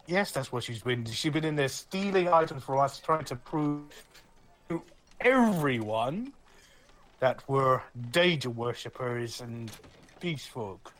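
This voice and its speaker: A man's voice: medium pitch, expressive, slow pace, a bit bright. A man voicing a furious, hostile woman warrior who hurls vicious accusations. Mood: accusing.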